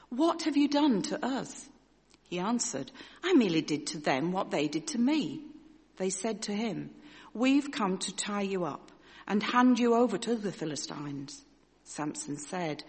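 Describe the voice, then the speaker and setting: A woman reading a scripture passage aloud in church at a measured, steady pace. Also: mid-range voice. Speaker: scripture reader. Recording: long hall reverb.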